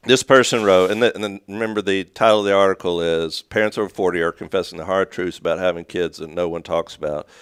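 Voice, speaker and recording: A man's voice: sits low, smooth, no room sound, studio quality. A middle-aged man co-hosting a talk show, chatting casually about parenting and reading listener comments aloud with easy chuckles.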